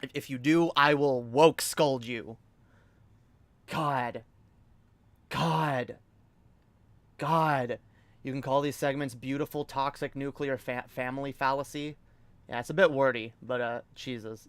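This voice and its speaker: A woman's voice: very deep voice, steady tone, a little slow, long pauses, dry recording. A woman hosting a livestream, ranting angrily with lots of swearing and repetition. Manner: angry, profane, repetitive. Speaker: livestream host.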